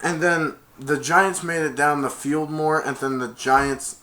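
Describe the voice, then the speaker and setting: Keeping a steady tone at a measured pace, a man retells a film plot reviewer-style, hopping from event to event with "and then." He drops into loud, high-pitched character voices along the way.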